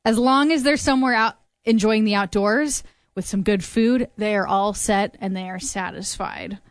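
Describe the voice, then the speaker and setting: A young adult woman hosting a radio show, chatting casually and reading out items in a steady, conversational way. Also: medium pitch, normal speed, no echo, studio quality. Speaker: radio host.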